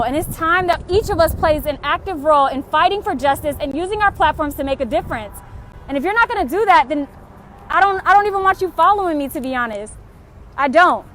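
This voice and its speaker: A woman's voice: high-pitched, fairly bright tone. A young woman livestreaming outdoors on a city street, making frustrated, tired, urgent and repetitive calls to action. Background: faint passing traffic and honking.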